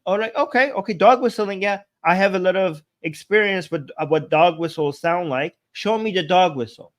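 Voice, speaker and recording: A man doing live-stream reaction commentary on video clips, incredulous and exasperated, with many restarts. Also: sits high. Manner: talks fast with many restarts.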